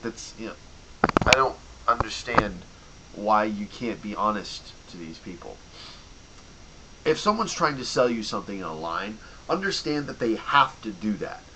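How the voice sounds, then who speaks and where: A man's voice: on the low side, lively intonation, normal speed, pushed and bright, a little hiss or hum, rough recording. A young man ranting to camera in a heated, sarcastic way, swearing freely and mocking people, worked up after drinking. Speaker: vlogger and bookstore clerk. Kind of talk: angry profane rant to camera.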